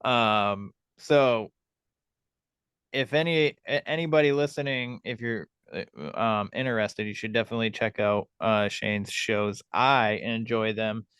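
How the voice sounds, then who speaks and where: A man's voice: on the low side, steady tone, unhurried, a bit bright, smooth, dry recording, studio quality. A man hosting a podcast, chatting casually in a rambling way with lots of hesitations. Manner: rambling, with many ums and uhs. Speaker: podcast host. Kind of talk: casual chat.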